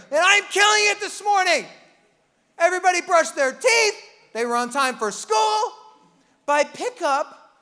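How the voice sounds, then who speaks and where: A man with a very high, bright, sharp-edged voice preaches to his church, animated and quick to joke as he acts out the voices in people's heads. His words ring out with a long hall reverb. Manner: animated and joking, acting out inner voices. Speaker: pastor. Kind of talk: sermon.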